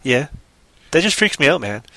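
A man's voice: a little high, very animated, moderate pace, bright, forceful tone, no echo. A man co-hosting a casual online chat show, rambling playfully and trailing off into mumbles. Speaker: podcast co-host.

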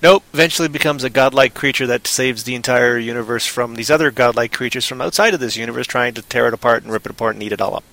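A man co-hosting a casual podcast chat, rambling and joking, often breaking into loud silly voices. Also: medium pitch, fast talker, few pauses, dry recording, poor audio. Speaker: podcast co-host.

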